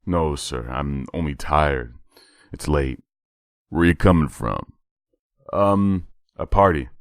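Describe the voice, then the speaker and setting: A man's voice: rumbling low, takes it slowly, no room sound, studio quality, heavily acted. A man voicing a nervous, slightly drunk young man who talks himself through a traffic stop. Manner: anxious, talks himself into calm.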